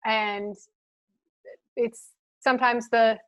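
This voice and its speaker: A woman's voice: a little high, little pitch movement, extremely slow, a bit bright, muffled recording. A woman from the Philadelphia suburbs with a light Philadelphia accent, chatting as a podcast guest and thinking aloud with many fillers. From Philadelphia suburbs, USA. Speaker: guest, marketing leader. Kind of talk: casual podcast conversation.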